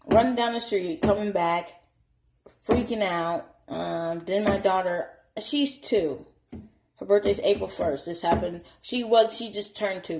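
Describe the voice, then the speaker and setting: A woman's voice: medium pitch, noisy background. A young woman vlogging a candid personal story at home, blunt and profane, acting out the voices of people she quotes. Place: home, indoors. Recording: echoey room.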